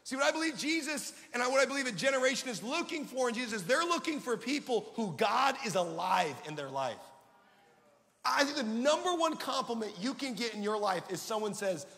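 A man preaching a lively, conversational sermon to a congregation and calling for them to answer back. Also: extremely high pitch, brisk, creaky. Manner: energetic, conversational preaching with audience call-and-response. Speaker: pastor. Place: large hall before a congregation. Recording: long hall reverb.

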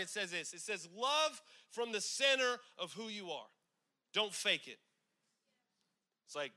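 A man from California preaching a sermon with lots of energy, casual asides, repeated lines and slow, emphatic scripture reading. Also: high voice, sharp tone. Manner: conversational asides like "you know what I'm saying".

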